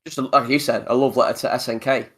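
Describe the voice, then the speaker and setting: A man hosting a casual gaming podcast, rambling and animated, often laughing. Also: mid-range voice, fast. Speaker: podcast host.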